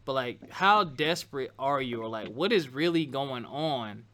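Speaking at a measured pace with lively intonation, this man has a medium-pitched, slightly bright voice. He hosts a podcast-style casual talk show, chatting through the news conversationally, wandering, correcting himself often, and laughing at his own slips.

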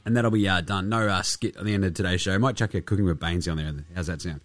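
A man's voice: low voice, fast talker, hardly any pauses, fairly bright tone, no echo, faint music behind. An Australian man with a nasally, under-the-weather voice, hosting a podcast in a studio in a jokey, rambling, self-mocking way. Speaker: podcast host. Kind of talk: casual chat.

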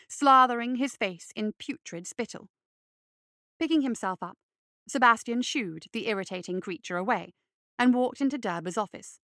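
A woman narrating an audiobook in a measured, wry storytelling manner. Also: medium pitch, a bit bright, no echo, studio quality.

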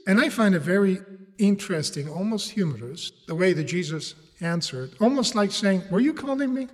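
High-voiced preacher in a reverberant hall. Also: male voice, normal speed. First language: not English. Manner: animated storytelling, rhetorical questions to the audience. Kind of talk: sermon.

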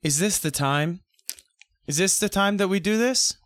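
A young man co-hosting a podcast in casual chat, excitable and rambling, laughing often on a close mic. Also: high-pitched, normal speed, no room sound. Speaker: podcast co-host.

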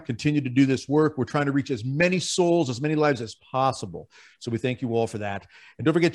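A man hosting a podcast, talking with enthusiasm and rattling off long promotional lists. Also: on the high side. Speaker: podcast host.

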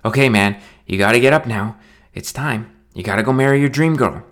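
A man's voice: a little fast, a bit bright, close to an everyday voice. A man voicing an anxious young best man who coaxes his drunk friend in an earnest, rising voice. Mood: pleading. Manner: earnest, coaxing, rising higher.

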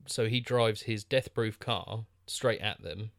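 A man's voice: fairly low pitch, takes it slowly, gravelly, no room sound, clean studio sound. A man co-hosting a podcast, chatting casually about a film with many restarts and fillers. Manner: rambling, lots of restarts and fillers. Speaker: podcast co-host.

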